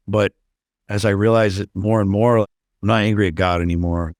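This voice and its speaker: A man's voice: lowish voice, steady tone, fairly quick, a little mellow, dry recording, studio quality. A middle-aged man talking candidly as a podcast guest, intense and blunt, swearing freely. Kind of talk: candid interview talk.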